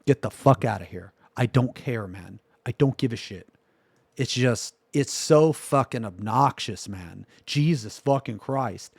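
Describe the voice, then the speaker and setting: A man's voice: medium pitch, unhurried, vocal fry, breathy edge, dry recording. Profane ranting male streamer, dry sound. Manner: profane, exasperated ranting, swings from loud to muttering. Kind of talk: livestream reaction rant.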